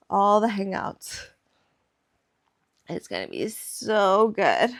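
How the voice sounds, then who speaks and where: A woman's voice: mid-range voice, sing-song, slow, long pauses. A woman hypnotherapist in a casual reflective vlog, meandering and spiritual, saying "like" often.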